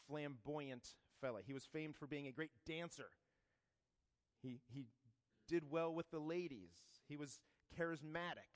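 A man telling a saint's life story in a casual, joking talk, often checking in with "right?" asides. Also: on the high side. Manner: conversational, frequent "right?" asides and joking comparisons. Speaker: speaker teaching about a saint. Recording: long reverb of a hall.

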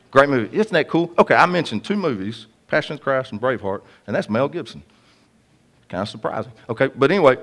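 A man's voice: medium pitch, a bit bright. A man preaching a conversational, jokey sermon to a congregation.

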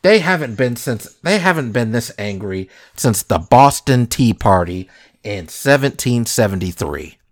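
A man's voice: mid-range voice, animated, measured pace. A man hosting a casual comedic chat, joking in a mock-serious way and quizzing his co-host.

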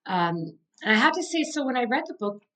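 A woman's voice: fairly high pitch, very animated, brisk, fairly bright tone, rough recording. A middle-aged woman, an author and coach, talking as a podcast guest in an earnest, heartfelt way with many "like" fillers. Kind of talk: casual interview conversation.

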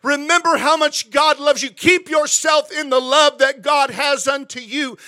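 A man's voice: very high-pitched, fairly even intonation, unhurried, pushed and bright. A middle-aged man preaching a sermon in church as pastor, emotional and fervent, often repeating phrases. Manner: emotional, preaching with rising fervor and repetition.

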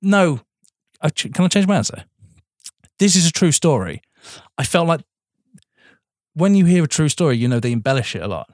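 A man's voice: on the high side, big pitch swings, normal speed, a little mellow, no echo. Guy rambling on a podcast, laughs a lot, dry close sound. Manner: chatty, laughs often, rambling film opinions. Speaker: podcast co-host. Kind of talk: casual chat.

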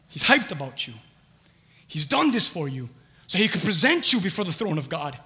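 A man preaching a sermon excitedly, swinging from quiet talk to shouting. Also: sits high, normal speed, big-room sound. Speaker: pastor.

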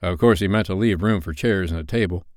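A man reading a classic novel aloud as a bedtime story in an expressive, animated way. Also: low-pitched, fast, no echo, studio quality.

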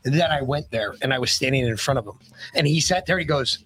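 A man's voice: medium pitch, expressive, quick pace, fairly bright tone, a little hiss or hum. A man in casual podcast chat as the guest, joking and brash with plenty of profanity.

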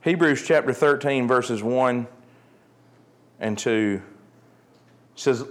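A man preaching a sermon, swinging between joking asides and quiet, earnest points. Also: medium pitch, takes it slowly, long pauses. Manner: animated preaching, jokey asides, drops to quiet earnest tones. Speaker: pastor.

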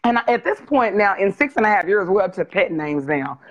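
A woman's voice: mid-range voice, fairly quick, poor audio. Open-hearted woman telling her story. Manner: animated, open, acts out quoted dialogue with laughs. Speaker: guest. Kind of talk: casual interview storytelling.

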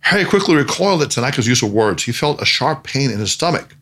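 A man narrating a story in a measured, expressive way. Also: medium pitch, slightly rough.

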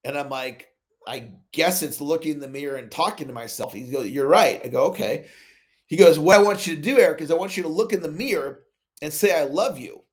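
A man's voice: fairly high pitch, fairly quick. A man hosting a motivational coaching call over video, telling stories and acting out both sides of his conversations. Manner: animated storytelling, acts out both sides of dialogues. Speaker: sales coach, call host. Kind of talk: motivational talk on a live call.

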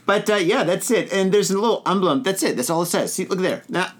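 A man co-hosting a casual chat show, joking around and swearing, animated and teasing. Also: high-pitched, brisk. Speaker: podcast co-host. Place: indoors at a table.

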